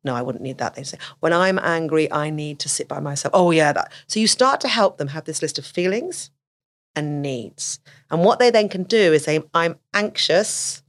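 A woman's voice: sits low, moderate pace. A middle-aged woman giving conversational advice as an autism specialist, often acting out what children and teachers say. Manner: animated, acts out quoted speech.

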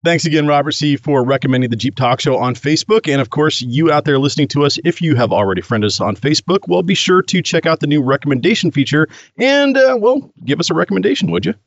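A man hosting a casual talk podcast, relaxed and hesitant with many fillers. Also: on the high side, quick pace, few pauses, dry recording, highs cut off. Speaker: podcast host.

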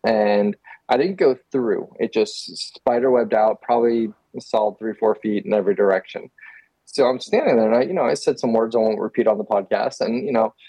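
A man's voice: lowish voice, fairly quick, slightly rough, dry recording, poor audio. A man from Texas, a guest photographer, telling a story in casual chat with lots of fillers and laughs. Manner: animated, laughing, many fillers.

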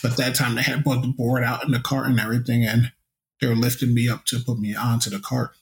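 A young man, once a college football player, recounts his story as an interview guest. His voice carries a gravelly, creaky edge, and he tells it in an upbeat, reflective manner. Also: medium pitch, flat delivery, fast.

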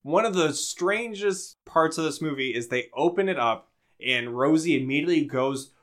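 A man's voice: a little high, lively intonation, normal speed, a bit bright. A young man co-hosting a podcast, telling a rambling, self-deprecating story in casual chat. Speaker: podcast co-host.

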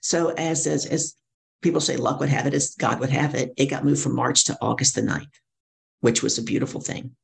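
A middle-aged woman, a guest speaker and coach, telling stories lively and acting out the voices of people she quotes. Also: very deep voice, moderate pace, vocal fry. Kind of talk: storytelling interview.

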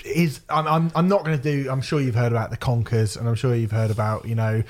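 A man co-hosts a rock podcast in easy, loose chat. He keeps laughing through his own jokes and swings into loud, high mocking bursts, then drops back into plain banter. He has a middle-pitched voice. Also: little pitch movement, fairly quick. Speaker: podcast co-host. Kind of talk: casual chat.

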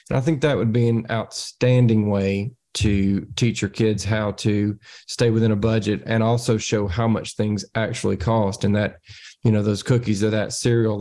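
A man's voice: lowish voice, warm tone. A man speaking as a panelist in a round table discussion, explaining ideas with everyday examples.

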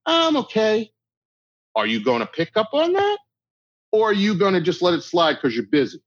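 A middle-aged man speaks bluntly in a tough-love manner, his husky voice swinging widely in pitch. The recording is dry and somewhat dull, like lo-fi audio. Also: wildly swooping pitch, a little fast, no room sound. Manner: blunt, emphatic tough-love delivery, acts out quoted exchanges. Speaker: guest speaker. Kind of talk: conversational interview talk.

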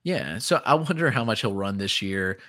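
A man co-hosting a baseball podcast, speaking in a measured, agreeable way with frequent "you know"s. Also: lowish voice, animated, bright, forceful tone, no room sound, clean studio sound. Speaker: fantasy baseball podcast co-host. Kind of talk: casual podcast chat.

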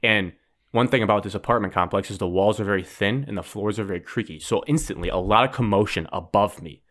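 A young man with a lowish voice tells a story on a casual podcast. He rambles, circling back with "like" and "um", and acts out bits of what happened. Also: quick pace. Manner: rambling, filler-heavy, animated retelling. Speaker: podcast host.

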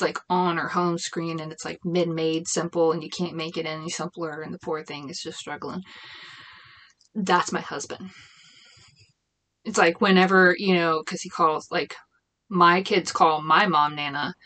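A woman's voice: lowish voice, a bit bright. A woman in her thirties, a small business owner, chatting casually, rambling with frequent restarts and venting her exasperation. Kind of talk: casual chat.

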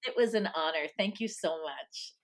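A woman chats as a guest on an interview podcast. Her voice is lively and varied in pitch. She is self-deprecating and quick to laugh. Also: over loud music. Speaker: guest author. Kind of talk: casual interview chat.

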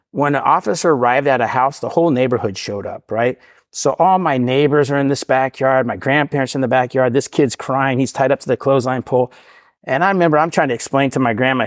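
A man's voice: medium pitch, dry recording, clean studio sound. A middle-aged man from the United States in casual storytelling, rambling and self-deprecating, often tagging "right?" onto his sentences. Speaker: podcast guest sharing recovery story. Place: podcast studio.

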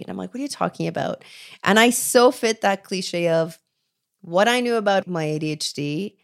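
A Canadian ADHD coach in her forties recounts her own story in an interview, speaking at a medium pitch and moderate pace. She's expressive and acts out the dialogue she remembers.

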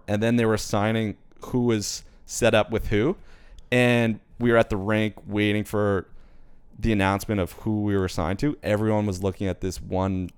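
A man's voice: fairly low pitch, clear, resonant tone, dry recording. A man in his twenties, a podcast guest, telling rambling stories in casual chat with lots of fillers. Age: 20s. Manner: rambling storytelling, many fillers.

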